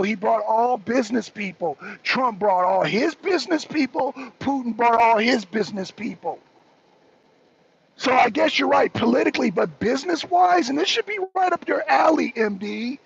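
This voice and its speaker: An excitable male talk show host with a high voice and a gravelly, raspy grain. He argues heatedly and keeps pressing the same point. The sound is dull and lo-fi. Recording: dull lo-fi recording.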